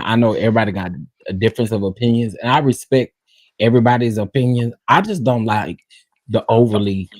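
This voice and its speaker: A man's voice: on the low side, darkish tone, no echo. Man hosting laid-back West Texas drawl, dry close sound, chatty and folksy. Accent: Southern US, Texas. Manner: chatty, laughs often, folksy slang. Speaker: host of a live panel stream. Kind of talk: casual live-stream chat.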